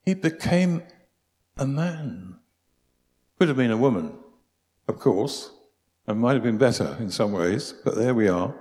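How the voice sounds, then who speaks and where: A man giving a preaching talk, telling stories in an animated, humorous way. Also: fairly low pitch, normal speed. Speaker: speaker. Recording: long hall reverb.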